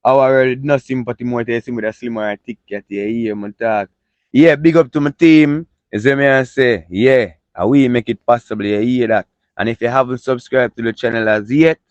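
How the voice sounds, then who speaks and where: A man with a Jamaican accent hosts a casual entertainment news show in patois, animated, chatty and full of catchphrases. His voice is medium in pitch. The recording has no echo but sounds muffled.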